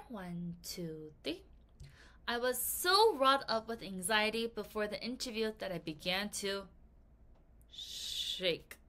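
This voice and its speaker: A woman teaching English vocabulary in a recorded lesson, playful and expressive, acting out example sentences and reading them slowly and carefully. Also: a little high.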